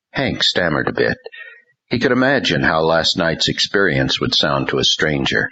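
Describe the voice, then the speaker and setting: A man narrating an audiobook in a measured, unhurried way. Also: extremely low pitch, animated, bright, forceful tone, breathy edge, highs cut off. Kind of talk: scripted narration.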